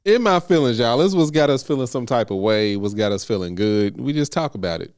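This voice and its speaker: A man co-hosting a casual podcast, easygoing and wry in how he talks. His voice sits a little low and sounds smooth and resonant. The recording is dry and close. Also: expressive, a little fast, darkish tone, no echo. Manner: laid-back, wry, slangy. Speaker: podcast co-host. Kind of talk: casual chat.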